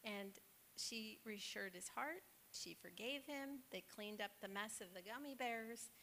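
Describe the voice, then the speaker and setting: A woman's voice: mid-range voice, a little slow, gravelly, pushed and bright. A woman giving an informal, encouraging devotional talk with a conversational manner and plenty of fillers. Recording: faint hiss.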